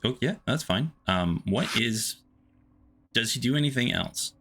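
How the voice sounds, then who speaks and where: A man's voice: mid-range voice, expressive, unhurried, a bit bright, slight background noise. A man narrating as game master of a tabletop game, vivid and dramatic, with sound effects.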